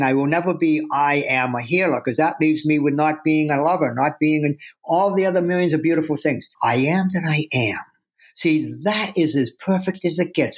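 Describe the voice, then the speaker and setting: A man talking earnestly as a guest author, acting out the inner voices he describes. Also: fairly high pitch. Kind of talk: reflective interview talk.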